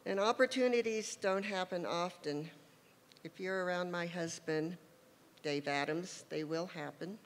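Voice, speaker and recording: A woman giving a heartfelt, halting tribute speech at an award show. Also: on the low side. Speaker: inductee's wife giving a tribute. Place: large hall at an award show. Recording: reverberant hall with faint noise.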